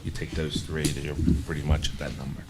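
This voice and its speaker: A man's voice: a bass voice, little pitch movement, heavy background noise. A man who handles the district finances, explaining budget figures in a matter-of-fact way at a board meeting. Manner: matter-of-fact, quick runs of numbers. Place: school board room.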